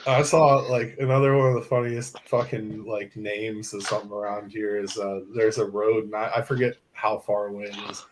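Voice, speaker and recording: A man's voice: lowish voice, level tone, moderate pace, few pauses, slight background noise, rough recording. A man in casual chat, telling long, rambling stories full of swearing and fillers. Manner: rambling, profane storytelling with frequent fillers. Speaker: podcast host.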